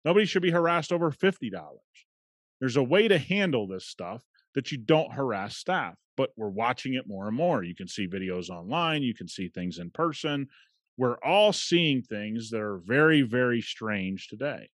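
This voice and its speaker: A man's voice: medium pitch, sing-song, moderate pace, no room sound, clean studio sound. A man hosting a podcast, telling a story in a conversational, emphatic way. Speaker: podcast host. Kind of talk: casual podcast monologue.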